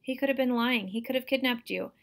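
A woman voicing a sharp, worried mother. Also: fairly high pitch, brisk, gravelly, pitched above the performer's own voice. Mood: scolding.

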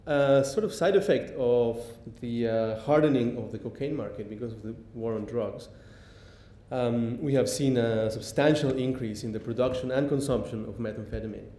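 A man giving a public lecture, pausing often with ums and restarting sentences. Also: warm tone. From Mexico. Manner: halting, many ums and restarts. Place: lecture hall. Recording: echoey hall, faint rumble.

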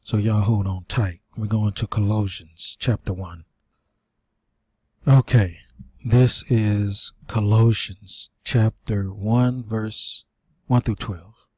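A man's voice: lowish voice, steady tone, takes it slowly, warm tone, breathy edge, no echo, clean studio sound. A man teaching and reading scripture aloud in an informal sermon, short of breath, with restarts and asides. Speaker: preacher.

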